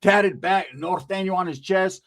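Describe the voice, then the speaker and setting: This man has a high voice and takes his time, telling a casual street story in a profane, streetwise style. He's from Central California and often tacks "right?" onto the end of his lines.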